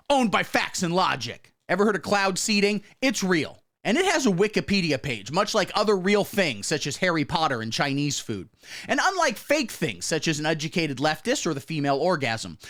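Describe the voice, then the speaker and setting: The host of a satirical news program puts on a pompous, swaggering air for his commentary, punctuated by sudden quiet asides. His voice has a fairly bright tone.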